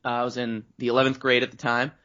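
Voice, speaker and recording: In this laid-back interview, a voice actor from Canada talks fast in a monotone, his middle-range voice pushed and bright as he wanders through tales of his early career. He acts out the lines of anyone he quotes. Sound quality is lo-fi and dull.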